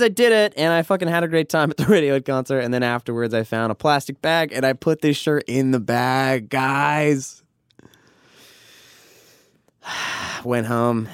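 A man's voice: medium pitch, smooth, no echo, clean studio sound. A man telling a comedic personal story in casual chat, swearing often and laughing through it. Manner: profane, laughing, animated.

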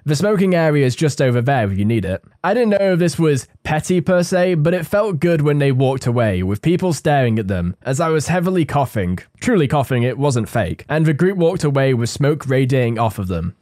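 A man's voice: mid-range voice, sing-song, fairly quick, few pauses, darkish tone, no echo. A young man reads stories aloud and adds wry, casual comments between them. His voice sits in a middle range. The sound is close and dry. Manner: casual, wry asides after each story. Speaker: story narrator.

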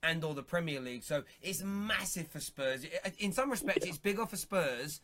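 Brief: man, 30s, radio phone-in host, bright higher voice, jokey and chatty. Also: lively intonation. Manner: chatty, jokey, quick to interrupt. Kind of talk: casual sports radio chat.

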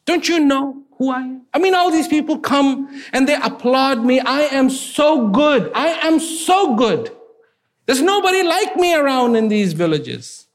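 A conceited archer in a spoken tale, bragging and bristling in a raised, lively voice, as a male storyteller acts him out. Every line drips with wounded pride. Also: very high voice, a little slow, voice pushed up, exaggerated voice. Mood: boastful. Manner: indignant, boastful. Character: vain, boastful male village archer.

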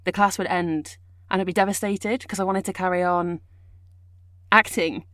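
A woman's voice: fairly low pitch, steady tone, normal speed, fairly bright tone, dry recording, studio quality. A young adult woman chatting casually as a guest, telling her story with lots of fillers. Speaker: guest, audiobook narrator and actor. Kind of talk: casual chat.

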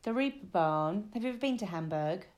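A woman co-hosting a podcast, chatting casually and telling animated stories, acting out the voices as she goes. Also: medium pitch, fairly quick. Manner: animated storyteller, acts out voices. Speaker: podcast co-host. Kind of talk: casual chat.

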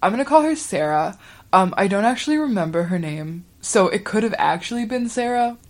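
A woman's voice: mid-range voice, animated, brisk. A young woman hosting a podcast, telling a story in a chatty, wry way with the odd swear. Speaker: podcast host. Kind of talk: casual storytelling.

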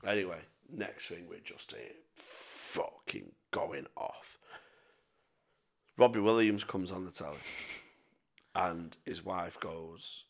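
Deep gravelly man. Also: lively intonation, slow. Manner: sweary, rambling anecdotes with self-mocking laughs. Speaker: podcast co-host. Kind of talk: casual storytelling chat.

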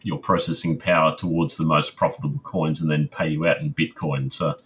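A man answering interview questions in a measured, explanatory way, with many pauses and ums. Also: very deep voice, little pitch movement, a bit bright, slight background noise. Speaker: guest, crypto miner.

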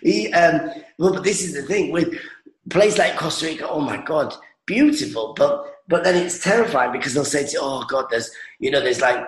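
A man's voice: a little high, sing-song, fairly quick, roomy sound, low-quality recording. A man from England, a stand-up comedian, telling rambling anecdotes with many fillers in a casual interview.

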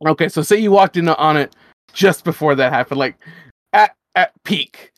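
A man co-hosting a casual podcast, laughing a lot and cutting in with quick joking questions. His pitch sits a little high. The sound is dry and close to the mic. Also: animated, a bit bright, no echo. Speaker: podcast co-host. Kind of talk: casual chat.

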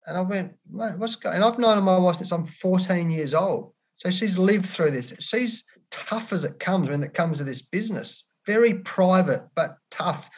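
A man's voice: high-pitched, moderate pace, few pauses, husky. A man in his fifties with an Australian accent, a cricket coach frankly telling stories as a guest and calling the host mate. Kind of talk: candid interview storytelling.

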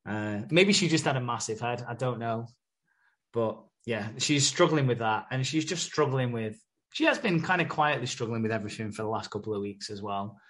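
A man chatting loosely on a podcast. He rambles through a soap recap in a mid-range voice, swearing freely and slipping into quoted lines. His talk stays relaxed and conversational throughout. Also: mid-range voice, moderate pace. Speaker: podcast co-host. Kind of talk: casual chat recapping a soap episode.

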